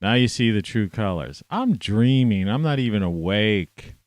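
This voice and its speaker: Lowish, lively-voiced man ranting. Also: measured pace, no room sound. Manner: heavy swearing, scornful, sudden loud outbursts. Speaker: vlogger. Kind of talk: profane rambling rant to camera.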